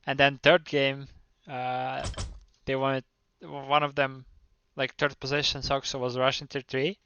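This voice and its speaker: A man's voice: medium pitch, level tone, measured pace, fairly bright tone, slight background noise. A man co-casting a game tournament in a laid-back way, walking through past matches in detail. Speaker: co-caster. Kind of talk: casual game commentary. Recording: dull, dry lo-fi mic.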